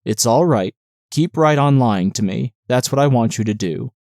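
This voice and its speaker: Guy reading as a young nurse in an audiobook, tender and teasing, warm low mellow voice, dry sound. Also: animated, moderate pace, dry recording, lightly acted.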